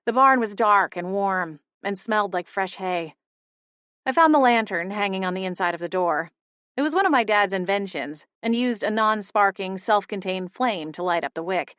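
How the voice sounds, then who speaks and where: A young woman narrating a first-person audiobook in a steady, intimate storytelling manner. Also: mid-range voice, moderate pace, smooth, no echo. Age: young adult.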